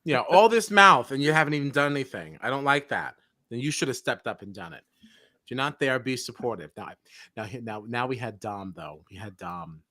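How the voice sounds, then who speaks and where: A man co-hosting a casual podcast, his voice bright and forceful with a lively, wide-ranging pitch. He talks animatedly and slips into exaggerated voices when he mocks people. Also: brisk, no echo, studio quality. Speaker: podcast co-host. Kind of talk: casual chat.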